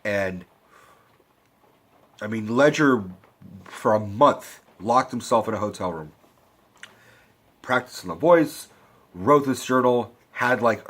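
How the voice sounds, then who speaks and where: Husky, profane middle-aged man ranting. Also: fairly low pitch. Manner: profane, rambling, excitable. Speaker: vlog host. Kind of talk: ranting movie review.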